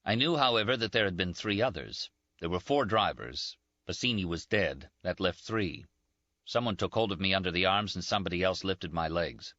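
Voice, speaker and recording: Man, audiobook narrator, low voice, measured and grave, dry muffled recording. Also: bright, forceful tone, no echo. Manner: measured, grave first-person reading. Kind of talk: scripted narration.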